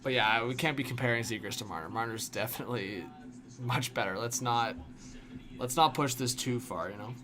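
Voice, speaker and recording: On his laid-back hockey livestream, a young man answers chat at a fairly quick clip, rambling along with lots of fillers and repeated "like"s. His voice sits at a medium pitch.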